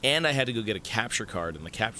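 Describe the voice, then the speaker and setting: A man talking to his stream viewers in a bright, forceful, animated voice. He is excitable and swears freely, breaking into surprised shouts. A faint rumble sits under the home desk recording. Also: quick pace. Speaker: Twitch streamer. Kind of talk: live stream chat with viewers.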